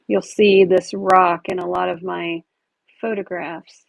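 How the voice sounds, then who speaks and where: A woman's voice: mid-range voice, level tone, measured pace, gravelly, rough recording. A woman chatting casually as she sells jewelry at a live online auction, describing each piece as she handles it. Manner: chatty, describes items while handling them. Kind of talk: casual live-stream selling chat.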